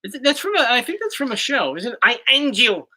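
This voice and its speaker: Man, YouTube host, casual Q&A chat, playful and jokey, bright tone. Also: extremely high pitch, wildly swooping pitch, quick pace. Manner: playful, keeps slipping into joke accents.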